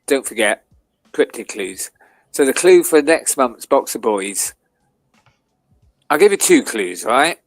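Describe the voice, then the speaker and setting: A man's voice: mid-range voice, sing-song, takes it slowly, long pauses, no echo. A man co-hosting a live stream, talking casually and teasing out cryptic hints.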